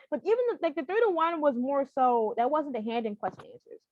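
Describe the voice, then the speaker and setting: A woman co-hosting a podcast, telling stories in a rambling, animated way with many restarts. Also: high-pitched, measured pace, no room sound, lo-fi sound. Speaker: podcast co-host. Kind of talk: casual chat.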